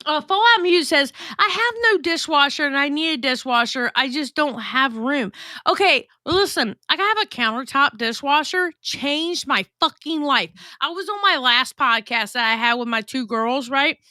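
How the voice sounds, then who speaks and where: A woman's voice: high voice, animated, moderate pace, bright, forceful tone, dry recording, clean studio sound. A woman hosting a casual livestream, reading chat messages aloud and chatting in a blunt, profane, gossipy way.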